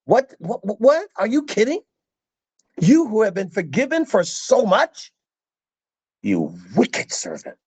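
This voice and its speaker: A man's voice: low voice, huge pitch swings, slow pace, gravelly, hardly any pauses, a little mellow, slightly rough, no echo, full character voice. A man voicing an outraged king who scolds an ungrateful servant with incredulous, repeated questions.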